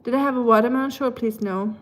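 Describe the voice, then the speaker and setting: A woman's voice: a little high, quick pace. Chatty German-accented woman streamer. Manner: chatty, rambling, with frequent fillers. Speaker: live streamer. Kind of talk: casual livestream chat.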